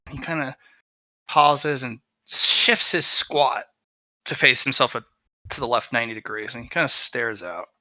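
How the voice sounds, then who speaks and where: A man narrating a tabletop game as game master in a casual, animated storytelling manner. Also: medium pitch, a little slow, no echo, low-quality recording.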